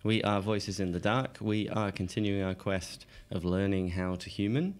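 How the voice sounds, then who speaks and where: Hoarse man, croaky deep voice. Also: normal speed. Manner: joking, laughs often, rambling asides. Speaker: podcast co-host. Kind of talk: casual podcast chat.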